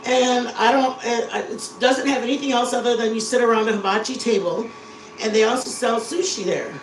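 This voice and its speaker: A woman's voice: a little high, steady tone, normal speed, slight background noise, rough recording. A woman in her forties, a vlogger, chatting casually with her viewers while baking at home and telling long stories. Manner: chatty storyteller addressing viewers directly.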